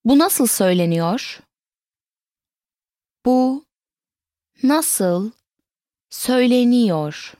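Woman teaching phrases real slow, bouncy up and down voice, says everything twice. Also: mid-range voice, no echo, clean studio sound. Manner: slow, clearly enunciated repetition of phrases. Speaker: language lesson host. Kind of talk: scripted language lesson.

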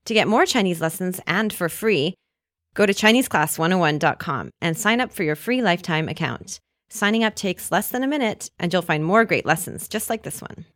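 A woman reading a scripted promotional announcement in an upbeat, smooth way. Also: on the low side, lively intonation, normal speed, fairly bright tone, no echo, clean studio sound.

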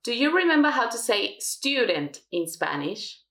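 A woman teaching a language lesson, slowly modelling each word twice for learners. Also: fairly high pitch, very animated, reverberant, background noise. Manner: slow, careful modelling of words. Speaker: Spanish teacher.

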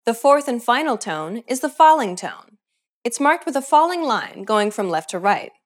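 A woman narrating a scripted language lesson in a clear, measured instructional way. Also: a little high, big pitch swings. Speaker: language teacher.

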